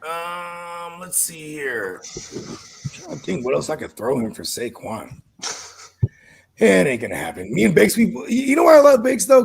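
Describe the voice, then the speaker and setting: A man chats loosely on a podcast, full of slang and swearing. His voice sits a bit high and swings widely, with a husky, gravelly edge. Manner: laid-back slangy banter, swears freely, laughs often. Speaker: podcast co-host. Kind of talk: casual chat.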